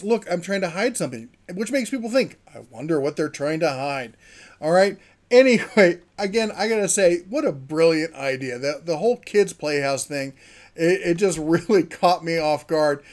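A man hosting his own channel, talking casually and enthusiastically in a rambling, chatty way. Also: high-pitched. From Mountain West of the USA. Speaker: channel host. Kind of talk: casual vlog talk to camera.

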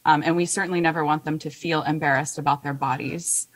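A woman's voice: sits low, fairly even intonation, fast. A woman voice teacher giving a conference presentation, chatty with many fillers.

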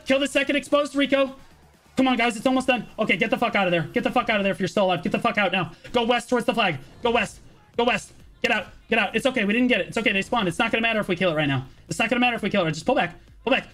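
Man, shotcaller, rapid-fire repeated commands, high-pitched, swears, voice chat. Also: fairly bright tone. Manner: urgent, commanding, repeats every order, swears. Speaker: guild shotcaller. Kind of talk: barking orders over game voice chat.

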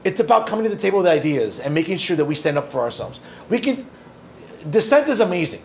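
Man from northern New Jersey, journalist taking questions; slightly high, gravelly voice, chatty with jokes, faint hiss behind. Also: very animated, quick pace, darkish tone. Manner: conversational, joking asides, earnest. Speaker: opinion journalist and guest speaker. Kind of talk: audience Q&A talk.

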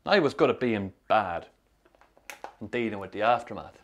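An actor narrating a film as a troubled young Irish man with a Sligo accent, telling his rough youth in a dry, sardonic way. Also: fairly low pitch, lively intonation, normal speed, a little hiss or hum, natural voice. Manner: dry, sardonic storytelling with strong swearing. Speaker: narrator, the film's lead. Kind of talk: scripted film voice-over.

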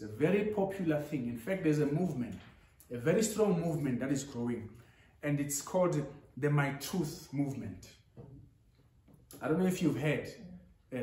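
Animated man preaching. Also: mid-range voice. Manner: preaching with rising emphasis, mixing in Zulu. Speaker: pastor. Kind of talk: sermon. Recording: echoey church hall.

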